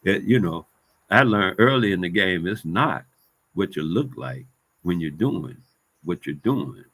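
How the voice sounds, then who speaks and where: A man's voice: deep voice, lively intonation, a little slow, fairly bright tone. A man delivering a heated, profane monologue as a vlogger, circling back over the same points in loose street talk. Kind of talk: ranting monologue to camera.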